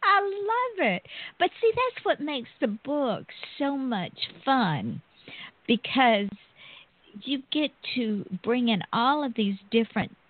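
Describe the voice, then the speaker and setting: Female host, unhurried and drawn-out, dry sound over a phone line. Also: sits high, sing-song, dry recording. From Southern US. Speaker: interview host. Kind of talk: casual interview chat.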